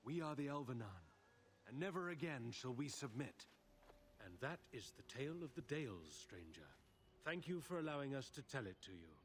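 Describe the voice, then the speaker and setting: Male actor as aged elf clan elder, game role, measured and solemn, formal speech. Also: medium pitch, sing-song, a little hiss or hum, close to an everyday voice. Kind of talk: video game voice acting.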